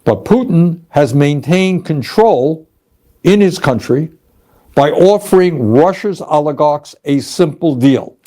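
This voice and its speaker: A man's voice: fairly high pitch, animated, takes it slowly, mellow. An older man giving a formal, emphatic political speech.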